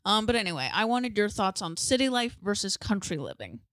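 A woman's voice: mid-range voice, sing-song, a bit bright, no echo, clean studio sound. Playful young woman from San Diego. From San Diego, USA. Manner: playful, dramatic, quick laughs. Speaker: podcast co-host. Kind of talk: casual chat.

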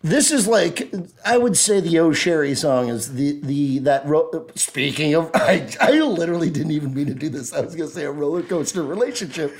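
A man hosting a comedy podcast, chatting in a rambling, animated way with lots of fillers and laughs. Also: on the high side, normal speed, hardly any pauses, slightly rough. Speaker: podcast host. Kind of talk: casual comedic chat.

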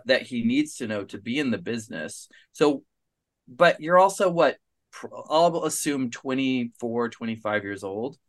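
A man guest-hosting a relaxed horror movie podcast, working through his ideas out loud. He often circles back and restarts his sentences. His voice sits at a middle pitch for a man. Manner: thinks aloud, restarts and hedges. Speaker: guest co-host, documentary director. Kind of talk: casual film discussion.

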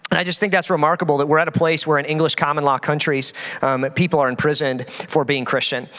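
A man preaching a sermon as pastor, telling stories with quick jokes and frequent fillers. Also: on the high side. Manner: animated storytelling with quick jokes. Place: large church hall. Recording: long hall reverb.

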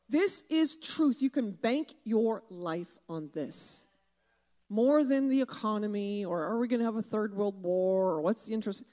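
Woman preacher, high voice, fervent, emphatic sermon delivery. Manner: fervent, emphatic, slows down to stress key words.

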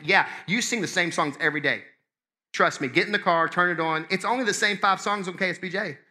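A man preaching a sermon as pastor, conversational and impassioned, swinging between loud and hushed. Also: sits high, expressive, normal speed, pauses often.

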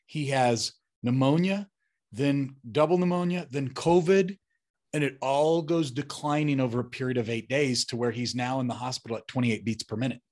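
A man telling stories in casual conversation, animated and acting out the people he quotes, often chuckling. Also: mid-range voice, normal speed. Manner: animated storyteller who acts out quoted voices, chuckles often. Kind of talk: casual storytelling interview.

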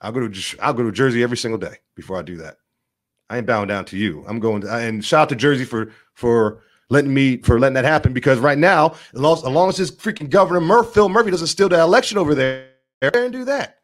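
A man talks straight to his viewers in a rapid, combative rant. His words tumble out quickly in a rambling flow, at a medium pitch. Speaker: vlog host. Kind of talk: political rant vlog.

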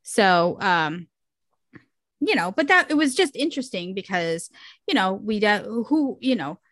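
Animated woman telling stories, dry sound. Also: mid-range voice, measured pace, no room sound. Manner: animated storyteller, many fillers. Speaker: podcast co-host. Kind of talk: casual chat.

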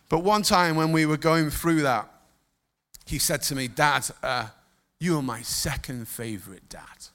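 Male preacher, emotional and animated, bright tone, slightly high pitch. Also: moderate pace. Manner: emotional, animated storytelling with sudden soft drops. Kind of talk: sermon.

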